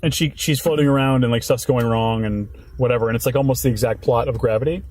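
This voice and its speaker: Quick-talking young man hosting a podcast. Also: mid-range voice, steady tone, darkish tone, no echo. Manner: quick, joking, teasing. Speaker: podcast host. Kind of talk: casual chat. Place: parked car.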